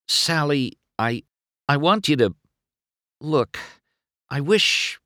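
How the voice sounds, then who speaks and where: A man reading a storybook aloud, voicing a young male race car who speaks haltingly and anxiously. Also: a little high, animated, sharp tone, no room sound, clean studio sound, voice pushed up, exaggerated voice. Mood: torn. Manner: halting, faltering speech.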